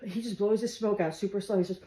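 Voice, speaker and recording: A woman's voice: medium pitch, fast talker. Laughing woman telling a story, roomy echo. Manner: laughing through her words, animated, swearing. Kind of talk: casual comic storytelling. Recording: roomy echo with faint music.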